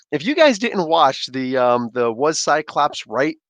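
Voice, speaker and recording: Animated male livestream host, dry close sound. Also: on the high side, dry recording. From Canada. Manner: animated, laughs often, reads chat aloud. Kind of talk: casual livestream chat.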